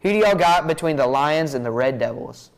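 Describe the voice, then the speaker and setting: A young man runs a school sports picks segment. His voice sits a little high and comes through smooth and clear. He talks in a chatty, easygoing way and laughs often. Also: lively intonation, brisk, low-quality recording. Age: young adult. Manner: chatty, laughs easily, says y'all. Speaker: student broadcast host. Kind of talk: pregame picks show hosting.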